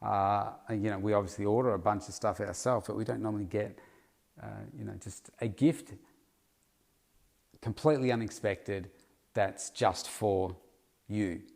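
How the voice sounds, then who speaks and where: Man, somewhat low voice, casual rambling solo podcast, lots of fillers. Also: fairly even intonation, moderate pace, vocal fry, pauses often, a little mellow. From Australia. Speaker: podcast host, health coach.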